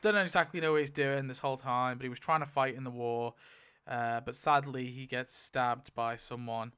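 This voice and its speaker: A man in casual, rambling commentary while spinning a wheel to rewrite a story, getting excited at results and briefly quoting characters. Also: mid-range voice, normal speed, clean tone. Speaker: YouTuber.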